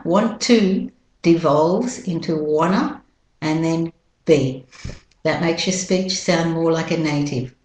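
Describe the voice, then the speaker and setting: Slow, deliberate accent-coach woman. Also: sits low, darkish tone, roomy sound, rough recording. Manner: slow, drawn-out model words and sentences. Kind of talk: pronunciation lesson.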